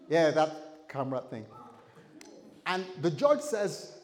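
A male pastor delivers a sermon as a story, full of chatty asides to the congregation. His voice is fairly high and very lively in pitch, and it echoes with a long tail through a church hall with faint ambient noise. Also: slow pace, long pauses.

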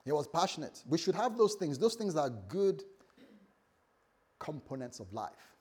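A man preaching a sermon as pastor, animated, swinging between loud bursts and quiet asides, often acting out the voices of others. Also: fairly high pitch, unhurried, slightly rough.

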